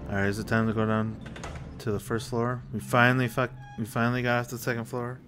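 A man talks through his game session, swearing freely and joking to himself. His voice sits at an ordinary middle pitch. Game music plays clearly behind him. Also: level tone, quick pace. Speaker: gameplay commentator. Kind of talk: live gameplay commentary.

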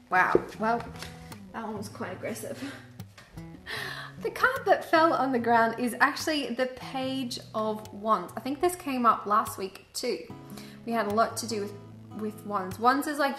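A woman giving a casual, earnest tarot and angel card reading, chatty and full of filler words. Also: a little high. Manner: chatty, earnest, heavy use of "like". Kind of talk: casual spiritual guidance vlog. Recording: echoey room with faint background music.

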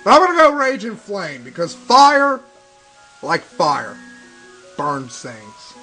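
High-pitched ranting young man. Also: huge pitch swings, slow, pushed and bright, low-quality recording. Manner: ranting, sarcastic, swears constantly. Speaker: let's play commentator. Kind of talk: profane game commentary. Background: game music.

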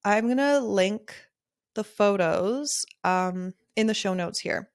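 A woman's voice: mid-range voice, slow pace, no echo, studio quality. A young adult woman hosting her own photography podcast, talking in a candid, chatty way, laughing often and swearing casually. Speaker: podcast host, wedding photographer. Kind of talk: casual solo podcast monologue.

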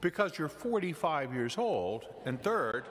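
A man's voice: a little high, big pitch swings, unhurried, fairly bright tone, faint music behind. A man voicing an insistent, exasperated father calling through a door. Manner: insistent, stern. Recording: church with long reverb.

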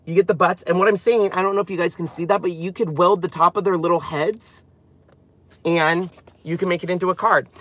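Give me a chatty, excitable man with a somewhat high voice casually walking through a craft product. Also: dry recording. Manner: chatty, rambling, easily excited. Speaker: crafting channel presenter.

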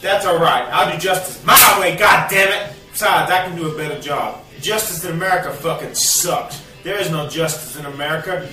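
A man ranting to the camera at home in a bitter, profane vlog, now and then bursting into shouts. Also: fairly high pitch, moderate pace, few pauses, reverberant, recorded from a distance, faint music behind. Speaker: vlogger. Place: cluttered home, indoors.

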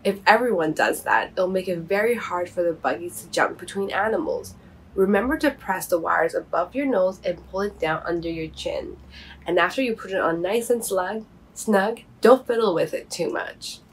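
A woman voicing a kind, patient old male owl who explains things gently and steadily in a children's storybook reading. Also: lowish voice, animated, moderate pace, slight background noise. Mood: explaining.

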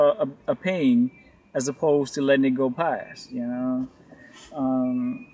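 A man who works as a rideshare delivery driver, talking loosely and profanely in a rambling rant to his viewers. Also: on the high side. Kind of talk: casual ranting vlog.

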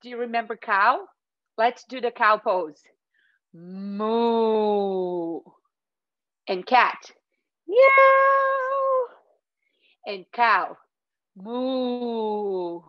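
A woman's voice: a little high, highs cut off. A young woman teaching a children's yoga class in a playful, sing-song way, calling out poses and animal sounds.

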